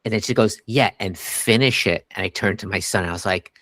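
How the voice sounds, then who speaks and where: A man's voice: fairly low pitch, a little fast, a bit bright, dry recording, studio quality. A middle-aged man co-hosting a podcast, chatting casually about a movie and quoting scenes animatedly. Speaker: podcast co-host. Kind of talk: casual movie review chat.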